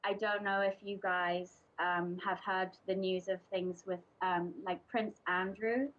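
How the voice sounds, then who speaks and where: A woman's voice: medium pitch, flat delivery, unhurried. A young woman from England giving a casual, chatty presentation to a group, hesitating often with ums and restarts. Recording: dull lo-fi recording.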